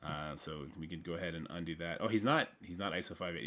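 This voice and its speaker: A man hosts a laid-back gaming livestream, his voice sitting low and moving fast. He rambles playfully, breaking into sudden loud bursts and mumbling asides.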